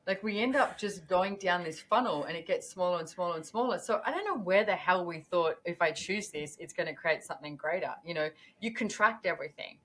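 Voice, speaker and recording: A woman talking as a podcast guest in a casual, animated way, acting out her own thoughts as she goes. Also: lowish voice, a little fast, few pauses. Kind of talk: casual conversational interview.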